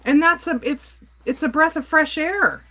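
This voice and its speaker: A woman's voice: sits high, measured pace, background noise. A woman from Canada ranting on a casual livestream, exasperated and blunt while she reads and answers her chat. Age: adult.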